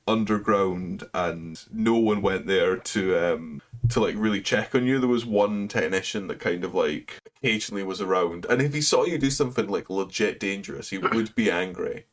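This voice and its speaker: A man co-hosting a casual podcast chat, laid-back and quick to laugh. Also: low voice. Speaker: podcast co-host.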